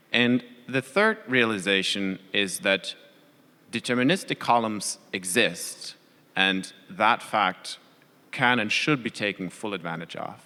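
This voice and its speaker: A man presenting at a conference, summing up his technical talk in a measured, deliberate way. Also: lowish voice, sharp tone. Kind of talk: closing summary of a technical talk. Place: conference hall. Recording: long hall reverb.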